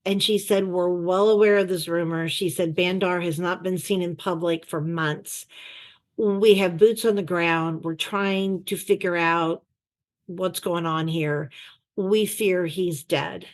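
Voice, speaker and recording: A woman guest in an interview, telling an anecdote in a lively way and acting out the voices she quotes, over a video call. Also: fairly low pitch, unhurried. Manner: animated storyteller who acts out quoted voices. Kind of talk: anecdotal storytelling.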